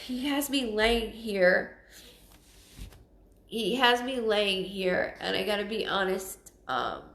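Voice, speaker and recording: Earnest, halting woman in an echoey room. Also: mid-range voice, lively intonation, creaky, fairly bright tone. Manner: halting, with frequent restarts; earnest and emotional. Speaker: psychic medium. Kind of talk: live-streamed spirit reading.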